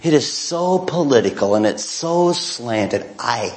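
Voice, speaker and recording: A man's voice: mid-range voice, lively intonation, a little slow. A man telling a long humorous story to a live audience, speaking to the crowd directly and acting out little voices along the way. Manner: chatty and self-mocking, addresses the crowd directly, acts out voices.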